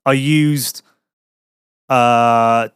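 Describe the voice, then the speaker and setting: A man's voice: mid-range voice, steady tone, extremely slow, clean tone, no room sound. A man telling a crude anecdote on a podcast, swearing a lot and laughing at his own story in casual chat. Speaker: podcast host.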